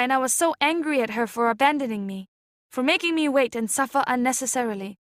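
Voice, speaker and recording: A woman reading an audiobook chapter aloud in a measured, expressive way. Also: sits high, no room sound, studio quality. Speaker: audiobook reader. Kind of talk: scripted narration.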